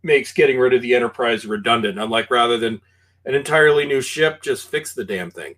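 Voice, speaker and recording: A Canadian man with a Canadian accent and a mid-range voice, speaking as a podcast guest. He talks in an animated, halting way, leaning on fillers and restarting his sentences. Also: medium pitch. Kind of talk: casual film discussion.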